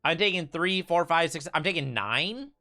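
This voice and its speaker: In casual gameplay chat, a young man with a Michigan accent plays a card game for his stream, often stumbling and repeating words. He speaks at a moderate pace in a slightly high, bright, forceful voice with lively intonation and no room sound.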